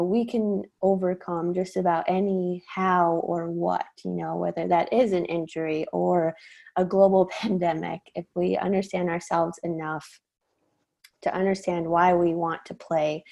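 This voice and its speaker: A woman's voice: lowish voice, vocal fry, darkish tone. A woman with a Midwestern US accent, a sports mindset coach explaining her approach earnestly in a casual podcast interview, with many fillers.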